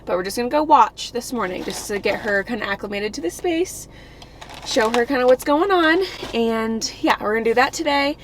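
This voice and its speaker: A woman's voice: on the high side, lively intonation, normal speed, a little hiss or hum. A young woman vlogging with casual, upbeat chatter, full of "like" and "you know.". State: out of breath. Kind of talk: casual vlog chat.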